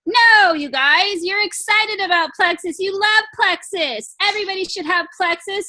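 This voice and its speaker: A woman's voice: extremely high pitch, normal speed, few pauses, sharp tone. A woman giving a chatty, emphatic pep talk to her team on a video call from home, acting out little dialogues.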